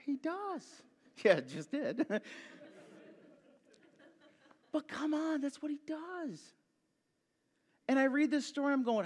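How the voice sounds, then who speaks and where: A man giving a sermon as a guest pastor, telling the story with lots of energy, jumping from loud bursts to quiet asides and joking with the congregation. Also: very high voice, measured pace, long reverb tail. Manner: animated storytelling, swinging between loud bursts and hushed asides; jokey, talks straight to the congregation.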